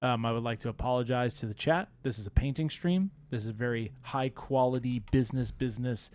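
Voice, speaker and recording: A man's voice: medium pitch, brisk, a little mellow. A man co-hosting a live hobby painting stream, joking around and reading chat messages aloud in a playful, teasing way.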